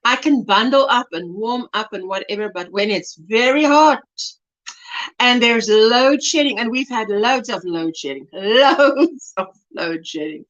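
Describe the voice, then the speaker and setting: Bubbly high-voiced woman. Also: a bit bright, muffled recording. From South Africa. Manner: bubbly, laughs often, reads chat comments aloud. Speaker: livestream host. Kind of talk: casual livestream chat.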